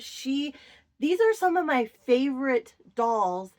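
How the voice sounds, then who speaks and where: Slow-talking, doting Minnesota woman. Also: sits high, very animated, a little mellow. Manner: gushing, doting, with drawn-out praise. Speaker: doll collector vlogger. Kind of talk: casual chat to viewers.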